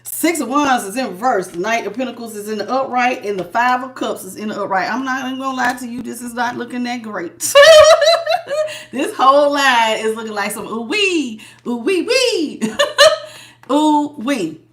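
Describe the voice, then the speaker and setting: Animated woman tarot reader, laughing often. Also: on the high side, a little fast, hardly any pauses. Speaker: tarot reader hosting a live stream. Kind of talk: casual live tarot reading chat.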